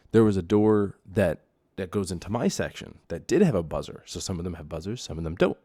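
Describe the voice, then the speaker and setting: A man hosting a podcast, ranting alone about his old apartment, exasperated and repeating himself, getting louder when heated. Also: low-pitched, dry recording, studio quality. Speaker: podcast host. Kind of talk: solo ranting monologue.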